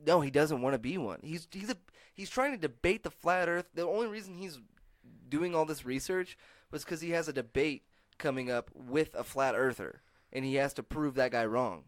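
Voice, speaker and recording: A man's voice: on the high side, lively intonation, moderate pace, no echo, studio quality. A man with a Texan accent co-hosting a podcast in casual, laughing chat, swearing freely. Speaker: podcast co-host.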